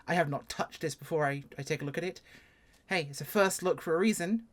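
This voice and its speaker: Talking a little fast, a speaker from England reviews a flight sim plane in a relaxed first-impressions style. The English accent comes with self-deprecating chatter and sudden pitch jumps.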